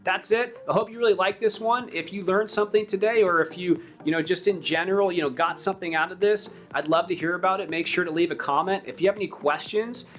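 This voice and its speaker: A man's voice: sits high, fairly even intonation, fast talker, few pauses, fairly bright tone. A man talking through a how-to checklist in a tutorial video, casual and conversational, often stressing points as really important. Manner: upbeat sign-off at the end. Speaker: SEO educator.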